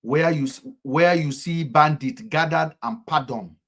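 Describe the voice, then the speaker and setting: A man with a Nigerian accent giving impassioned political commentary, repeating himself in a fervent rhythm and swinging sharply between loud and soft. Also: fairly high pitch, measured pace.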